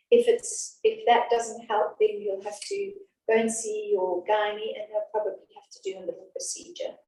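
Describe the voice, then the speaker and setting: A woman's voice: fairly high pitch, a little mellow, a little hiss or hum. A woman teaching an antenatal class in a chatty, reassuring, down-to-earth way, in a classroom. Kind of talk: informal class talk. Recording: echoey room from a distance.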